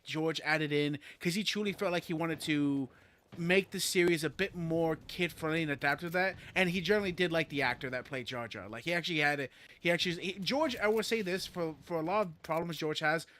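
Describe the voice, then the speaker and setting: Bright, excitable rambling male streamer. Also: on the high side. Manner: rambling, excitable, swears, many fillers. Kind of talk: casual gaming stream chat.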